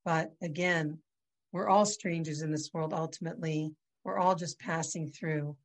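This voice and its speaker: A woman giving a religious lesson, telling a story in an animated way with some restarts. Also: low voice, moderate pace. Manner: animated storytelling with restarts, softening toward the close. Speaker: religious teacher.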